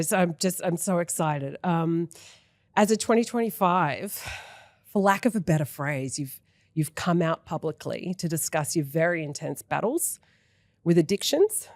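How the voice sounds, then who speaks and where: A woman in her thirties hosts a podcast from a studio, effusive and openly emotional, with casual swearing. Her voice sits on the low side for a woman. The sound is close and dry. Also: no room sound. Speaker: podcast host. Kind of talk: casual interview chat.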